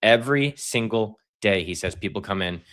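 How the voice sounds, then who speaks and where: A man's voice: on the low side, moderate pace, a bit bright. A man co-hosting a talk show, chatting casually and easygoing. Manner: easygoing, laughs along. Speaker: show co-host. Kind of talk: casual chat.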